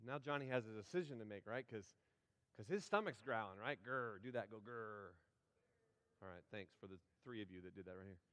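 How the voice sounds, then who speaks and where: A man's voice: fairly low pitch, expressive, fast talker, a bit bright. A man preaching a sermon, telling the story in a folksy way, acting out the characters and getting the congregation to join in. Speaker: pastor. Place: large church sanctuary. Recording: long hall reverb from the sanctuary.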